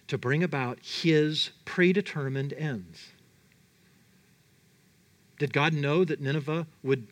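A man preaching a sermon, animated and dramatic, his delivery full of emphatic rises and drops. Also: on the high side. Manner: animated, dramatic, voices God and Jonah in quotes.

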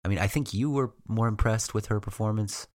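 A man co-hosting a podcast, talking casually about players with relaxed hedging fillers. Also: lowish voice, fairly quick, dry recording, clean studio sound. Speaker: podcast co-host. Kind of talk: casual sports chat.

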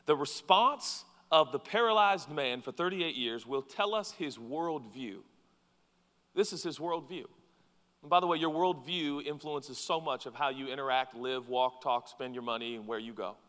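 A man preaching a sermon, animated, dropping to quiet asides and rising to loud acted-out quotes. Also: mid-range voice, normal speed. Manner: animated, acts out quoted voices, swings from soft to loud. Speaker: pastor. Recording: long reverb from a large hall.

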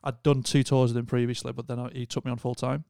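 Casting: young Wigan man, gravelly but smooth, relaxed slangy podcast chat, dry sound. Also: medium pitch, quick pace, no room sound. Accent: Northern English, Wigan. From Wigan, England. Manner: laid-back, chatty, lots of slang. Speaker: touring crew member, podcast guest. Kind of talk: casual chat.

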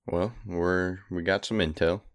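A man playing his character at a tabletop game, speaking in a halting, hesitant way. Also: low voice, steady tone, no echo, clean studio sound. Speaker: player.

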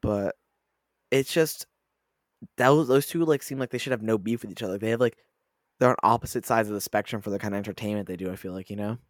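A man's voice: lowish voice, fast talker, no echo, clean studio sound. A man co-hosting a casual podcast, reading articles aloud and joking at his own expense. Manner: self-mocking, reads articles aloud. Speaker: podcast co-host. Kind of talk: casual chat.

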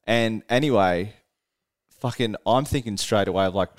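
A man, co-hosting a podcast and telling a tour story in a casual, animated way, laughing often and swearing freely. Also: on the low side, moderate pace. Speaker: podcast co-host, band musician.

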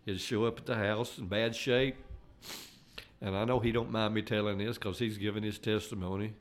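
An older man giving an earnest personal testimony, halting and restarting as he talks. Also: lowish voice, steady tone. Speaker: layman giving a faith testimony.

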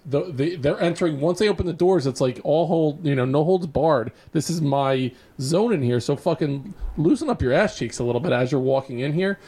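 A man's voice: fairly high pitch, fairly quick, hardly any pauses, dark tone, breathy edge. Emphatic, profane male podcast co-host. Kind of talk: casual podcast chat.

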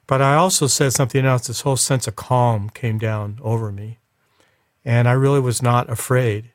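A man's voice: medium pitch, steady tone, moderate pace, no room sound, studio quality. A man as an interview guest, telling a personal story in an emotional, reflective way.

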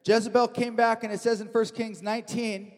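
A man's voice: very high-pitched, level tone, a little fast. A man preaching a sermon in a church hall, telling the story with animation and acting out the quotes.

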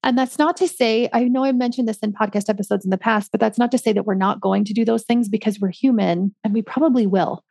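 A woman's voice: on the high side, fairly even intonation, fast talker, gravelly, hardly any pauses, darkish tone, no room sound, studio quality. A woman hosting a solo parenting podcast, chatting casually with many ums and likes. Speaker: podcast host, parenting coach.

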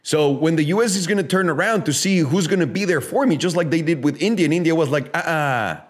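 A man's voice: fairly high pitch, fast talker. A man hosting a casual talk show, ranting emphatically with profanity, sarcasm and rhetorical questions. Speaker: podcast host. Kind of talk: casual opinionated chat.

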